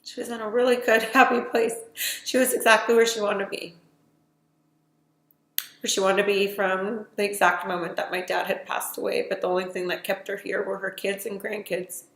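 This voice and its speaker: A woman's voice: mid-range voice, steady tone, moderate pace, a bit bright, echoey room. A middle-aged woman giving a personal testimony, retelling events emotionally with quoted dialogue. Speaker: testimony speaker.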